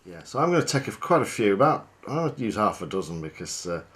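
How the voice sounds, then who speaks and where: A man's voice: lowish voice, brisk. Chatty man tying a fly. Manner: chatty, relaxed, self-deprecating. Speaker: fly fishing guide.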